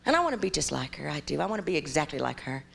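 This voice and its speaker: Animated woman comedian from Ohio. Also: sits low, rapid-fire, creaky, a little hiss or hum. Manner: animated, exaggerated storytelling. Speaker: stand-up comedian. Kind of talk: stand-up comedy set.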